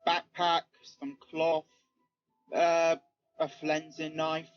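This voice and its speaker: A man's voice: on the high side, flat delivery, very slow. A man playing a tabletop game, stating his actions in a terse, matter-of-fact way. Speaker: player. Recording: dull lo-fi call audio with faint music.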